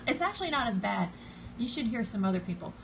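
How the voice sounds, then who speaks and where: A woman's voice: fairly high pitch, very animated, normal speed, gravelly, a bit bright, a little hiss or hum, poor audio. A woman with a Southern US accent hosting a casual live-stream tutorial, chatty and rambling with many fillers, greeting viewers by name as they drop in. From Southern United States. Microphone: phone camera.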